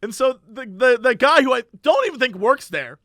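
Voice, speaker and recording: A man's voice: very high voice, big pitch swings, moderate pace, a bit bright, dry recording, clean studio sound. A man co-hosting a podcast, animatedly telling a funny anecdote, acting out voices and laughing as he goes. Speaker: podcast co-host. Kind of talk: casual storytelling chat.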